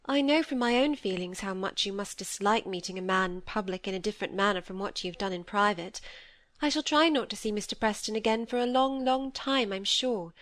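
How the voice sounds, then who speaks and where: A woman reading aloud, voicing a gentle, sincere young woman with a soft, earnest manner in a storybook. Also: mid-range voice, fairly quick, no echo, lightly acted.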